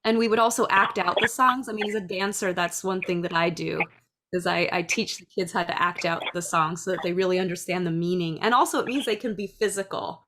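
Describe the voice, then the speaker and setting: A middle-aged woman who teaches dance and preschool, speaking in a chatty, lively way about classroom ideas. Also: lowish voice, brisk, background noise. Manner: chatty, lively, acts out little voices. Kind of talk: casual talk.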